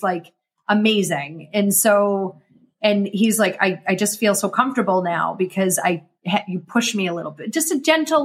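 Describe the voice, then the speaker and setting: Husky, upbeat woman coach. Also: mid-range voice. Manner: energetic, motivational, quick bursts. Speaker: guest, emotional intelligence coach. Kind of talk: casual interview chat.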